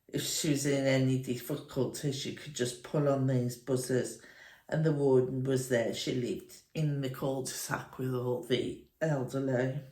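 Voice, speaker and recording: Middle-aged woman, chatty home vlogger, slow and meandering, echoey room. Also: low voice, darkish tone. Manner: chatty, meandering, nostalgic storytelling. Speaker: crochet vlogger. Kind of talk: rambling reminiscing chat.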